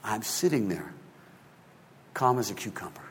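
A man in his fifties, a pastor telling a story in a sermon, swinging between hushed and loud. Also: lowish voice, huge pitch swings, normal speed, long pauses. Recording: long hall reverb.

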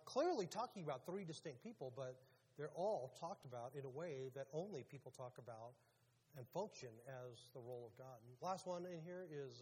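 Husky man preaching in a reverberant hall. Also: fairly high pitch, a little mellow. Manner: casual, questions the audience. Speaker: pastor. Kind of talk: conversational sermon.

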